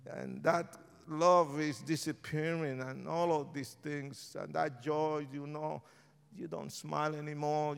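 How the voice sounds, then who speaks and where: A man's slightly high, resonant voice, gravelly but clean in tone, carries an altar-call sermon through a large church. Shouted declarations give way to hushed pleading, and every phrase fades into a big hall's lengthy reverb.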